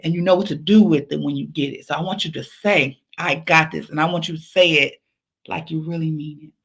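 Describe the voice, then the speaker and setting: Bright-voiced woman giving a pep talk. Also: medium pitch. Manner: encouraging, emphatic, repeats phrases. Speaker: podcast host.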